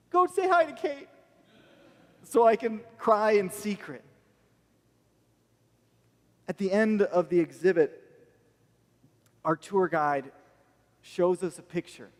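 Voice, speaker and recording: American pastor guy preaching, higher voice, earnest storytelling, big echoey church hall. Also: takes it slowly, long pauses. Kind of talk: sermon.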